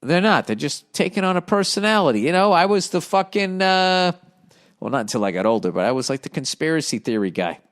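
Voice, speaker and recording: A middle-aged man hosting a comedy podcast, reading listener letters aloud and answering them in a blunt, profane, animated rant. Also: fairly high pitch, fairly quick. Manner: blunt profane ranting with lively animated swings.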